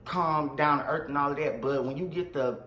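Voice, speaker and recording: A man telling a storytime vlog in an animated, slangy and dramatic way. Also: on the high side, a little fast, reverberant. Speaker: vlogger.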